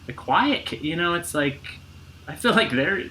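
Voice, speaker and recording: Bright-voiced rambling male podcast host. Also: a little high, animated, normal speed, rough recording. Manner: rambling, restarts often, swears casually. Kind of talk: casual chat. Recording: faint background noise.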